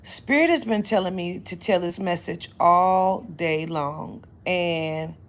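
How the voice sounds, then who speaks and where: A woman's voice: lowish voice, slow pace. A woman, chatting casually and profanely on a livestream from her bedroom. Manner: profane, loud, laughing storyteller. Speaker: psychic livestream host. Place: bedroom, indoors.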